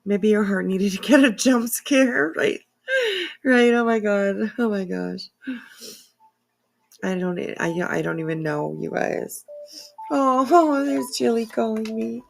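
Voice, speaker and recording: A woman's voice: fairly high pitch, a little slow, gravelly. A woman hosting a casual livestream from home, emotional and teary, sniffling and rambling with lots of fillers. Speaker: livestream host.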